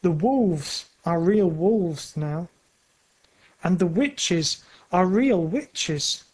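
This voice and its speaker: A storyteller reading a children's story aloud in plain, simple, measured sentences. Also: medium pitch, animated, darkish tone. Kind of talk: slow storybook narration.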